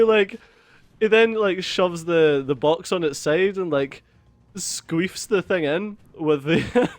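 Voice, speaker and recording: A man's voice: high voice, dry recording. A young man hosting a let's play, telling a story in a casual, sweary way and laughing through it. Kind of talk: casual storytelling over gameplay.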